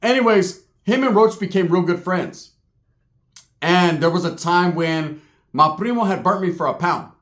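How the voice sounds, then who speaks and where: He has a high-pitched, fairly bright voice and talks at a normal speed. The story he tells is a casual, profane street tale, full of laughter and impressions of the people involved, delivered in a streetwise manner.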